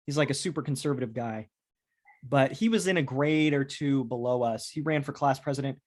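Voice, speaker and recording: A man's voice: mid-range voice, a little fast. A man in his thirties hosting a podcast, chatting casually and rambling, swearing freely with frequent restarts. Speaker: podcast host. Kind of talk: casual chat.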